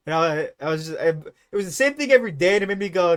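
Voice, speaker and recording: This is a young man chatting on a live stream while he plays a game. His voice sits a little high for a man, and his talk rambles from story to story, full of swearing and jokes at his own expense. He gets suddenly loud whenever he acts out what he said or thought. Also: animated, brisk. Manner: rambling, profane and self-mocking, with loud jumps on acted-out reactions. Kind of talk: casual live-stream chat while gaming.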